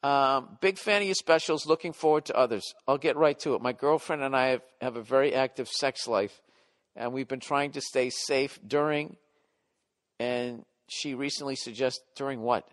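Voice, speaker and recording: A man's voice: medium pitch, normal speed. A middle-aged man hosting a podcast, reading listener letters aloud and answering them in a blunt, profane, rambling way. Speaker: podcast host.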